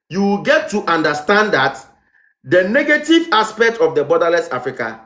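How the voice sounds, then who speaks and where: A man with a Ghanaian English accent delivers an impassioned commentary, firing off repeated rhetorical questions. His voice sits a little high for a man. The room around him is noticeably echoey. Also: a bit bright. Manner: heated, repetitive rhetorical questions. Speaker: vlogger.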